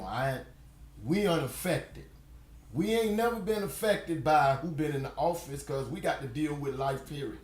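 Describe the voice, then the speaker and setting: A man giving casual, mocking commentary on a news clip, animated and laughing often, mimicking words he hears. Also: on the high side, reverberant. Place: home in Florida.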